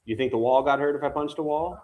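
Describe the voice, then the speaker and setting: A man's voice: on the high side, quick pace, muffled recording. A male meditation teacher giving an informal dharma talk, conversational, often asking his listeners questions. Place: temple meditation hall.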